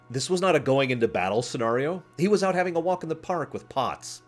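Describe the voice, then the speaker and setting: A man streaming, chatting casually with his viewers in a rambling, animated way, often laughing and acting out scenes. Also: on the high side, fast, few pauses, soft background music. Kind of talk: casual chat with live chat.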